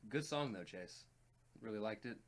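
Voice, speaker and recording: A man's voice: fairly low pitch, animated, normal speed. A man co-hosting a music reaction video in casual chat, speaking earnestly and plainly, often addressing viewers directly. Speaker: reaction channel co-host.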